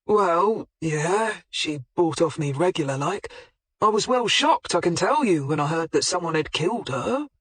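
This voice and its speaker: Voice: mid-range voice, animated, unhurried, a bit bright, slightly rough, no echo. An audiobook narrator voicing a defensive, coarse-spoken middle-aged male butcher being questioned by police, in blunt colloquial speech. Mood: wary. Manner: blunt colloquial working-class talk.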